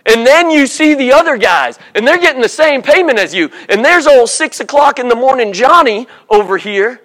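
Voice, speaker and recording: Male preacher, high voice, jokey storyteller, sermon in church. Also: expressive, normal speed, a bit bright. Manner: humorous, storytelling, acts out voices.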